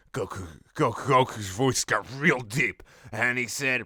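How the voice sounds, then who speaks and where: A man reading fan fiction aloud for laughs, jumping between put-on voices and sudden shouts. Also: low-pitched, moderate pace, few pauses, no echo, studio quality. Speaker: comedic reader of fan fiction. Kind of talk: mock dramatic reading.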